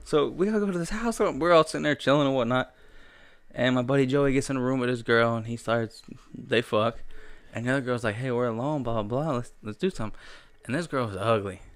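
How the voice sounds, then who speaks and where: A man's voice: mid-range voice, a little fast, dry recording. A man in his thirties, a podcast co-host telling a crude story in a brash, profane way. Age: 30s. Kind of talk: casual chat, crude storytelling.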